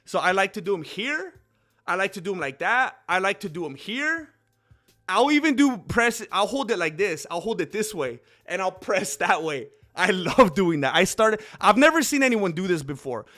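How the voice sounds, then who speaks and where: A man hosting a casual livestream, chatting in a rambling, excitable way and calling viewers dude and bro. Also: high voice, normal speed. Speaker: streamer host.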